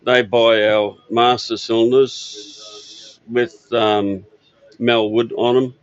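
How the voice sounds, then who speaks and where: A man's voice: medium pitch, level tone, slow pace, dry recording, highs cut off. An older man from Australia telling stories about his parts business in a rambling, easygoing way with lots of fillers. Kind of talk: casual interview storytelling. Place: outdoor expo stand.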